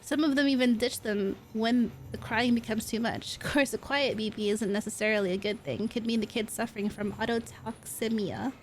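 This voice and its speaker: A woman's voice: a little high, fairly even intonation, normal speed, few pauses, slight background noise, lightly acted, rough recording. A woman reading aloud the lines of a caring male porter who talks earnestly about looking after babies. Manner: reads game dialogue aloud in an earnest, plain voice.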